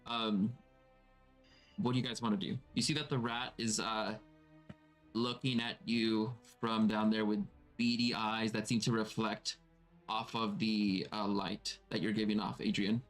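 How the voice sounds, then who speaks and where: Slow, descriptive male game master. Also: on the low side, little pitch movement, faint music behind. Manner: slow descriptive narration with fillers. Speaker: dungeon master. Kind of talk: narrating a tabletop game.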